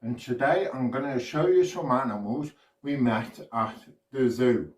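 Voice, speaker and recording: Chirpy British kids' magician, echoey. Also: male voice, medium pitch, a little slow. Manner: chirpy, sing-song, addresses kids at home. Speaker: children's magician. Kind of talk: kids' magic show patter. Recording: echoey room, far from mic.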